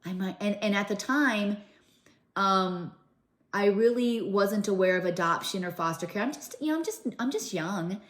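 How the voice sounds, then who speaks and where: A woman's voice: mid-range voice, moderate pace, reverberant. A middle-aged woman telling her own story to camera in an earnest, emotional way, with many fillers and restarts. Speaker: vlogger.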